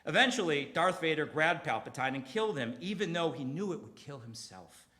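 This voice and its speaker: A middle-aged man tells a confessional comedy story on a theater stage. His voice sits a little high for a man and jumps all over the place in pitch. He drops to quiet asides, then pushes into loud, emphatic bursts. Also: expressive, brisk. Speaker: comedy writer performing a personal story. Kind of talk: storytelling stand-up set.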